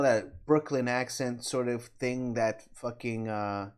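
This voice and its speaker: Middle-aged guy reacting on his channel, blunt and opinionated, drops swears, lots of uhs, average pitch. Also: fairly even intonation, measured pace, few pauses, a little mellow, clear, resonant tone. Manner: candid, opinionated, swears casually, hesitant with fillers. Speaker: channel host reacting to a trailer. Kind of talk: casual reaction commentary.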